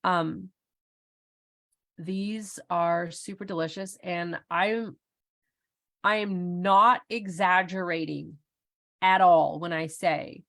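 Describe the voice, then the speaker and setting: A woman's voice: fairly low pitch, a bit bright. A middle-aged woman hosting an online workshop in a casual, chatty way, laughing often and using lots of fillers. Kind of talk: casual live presentation.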